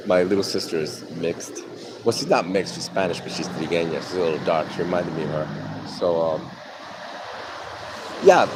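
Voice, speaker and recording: A middle-aged man with a deep, low voice tells a personal story live, candid and rambling, swearing freely at a normal speed with long pauses. He's outdoors by a street speaking into a phone, and passing vehicles rumble clearly behind him.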